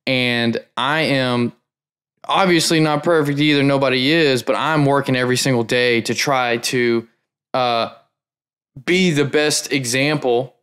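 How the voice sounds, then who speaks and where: Smooth-voiced enthusiastic male host. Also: medium pitch, fairly even intonation, a little slow, fairly bright tone. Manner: enthusiastic, frequent fillers like man. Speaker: podcast host. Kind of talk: conversational podcast talk.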